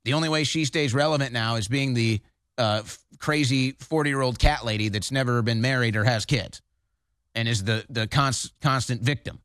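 A man's voice: mid-range voice, moderate pace, fairly bright tone, smooth, dry recording, clean studio sound. Combative man hosting a talk show. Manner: emphatic, combative ranting. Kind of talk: political talk show commentary.

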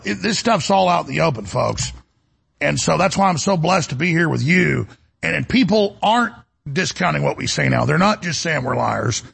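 Gravelly, raspy fifty-year-old male radio host. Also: fairly high pitch. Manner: fervent, preachy, swings from loud to hushed. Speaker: radio talk show host. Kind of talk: impassioned talk radio monologue.

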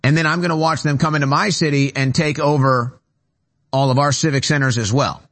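A man's voice: on the high side, steady tone, fairly quick, a bit bright. A man hosting a talk show from a studio, delivering an emphatic, repetitive political monologue with rising urgency. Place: radio studio.

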